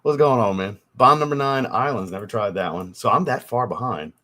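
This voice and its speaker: A man's voice: medium pitch, animated, a little fast, pushed and bright. A man hosting a fragrance livestream, chatting casually with viewers and reading their comments, loose and profane, getting over a cold. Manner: loose and profane, swears often.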